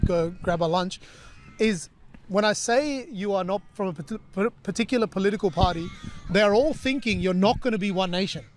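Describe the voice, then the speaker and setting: High-voiced man outdoors. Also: fairly quick, slight background noise. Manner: cheeky, swears casually, laughs often. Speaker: vlogger shadowing a politician. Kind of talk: casual outdoor vlog chat. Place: outdoors by a beach or river.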